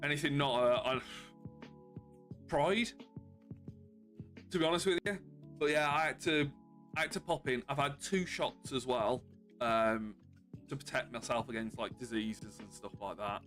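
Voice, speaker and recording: A man streaming games, chatting casually and more quietly than usual because of bruised ribs, chuckling often. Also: mid-range voice, unhurried, pauses often, faint music behind. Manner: subdued, calmer than usual, with frequent chuckles. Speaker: game streamer. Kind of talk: casual live-stream chat.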